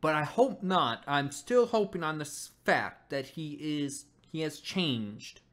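Reviewer mulling things over, mid-pitched, lots of "like"s, laid-back. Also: animated, slow pace, fairly bright tone. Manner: rambling, thinking aloud, frequent "like" and "dang". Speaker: game reviewer. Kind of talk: casual reaction commentary.

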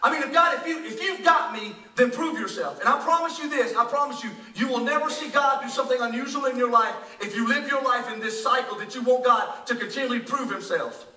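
A man with a strikingly high, piercingly bright voice delivers a sermon, pressing his points with repeated words and rhetorical asides. He sounds roomy and distant, as if captured from across an echoing church sanctuary. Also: fairly quick, hardly any pauses. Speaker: pastor. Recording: echoey church hall, voice picked up from a distance.

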